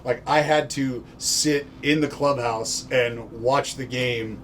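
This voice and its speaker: A man's voice: medium pitch, fairly even intonation, slow pace, a bit bright. A man hosting a casual chat, telling a story in a laid-back way, swearing freely. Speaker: podcast host, former pitcher. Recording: far from mic with faint noise.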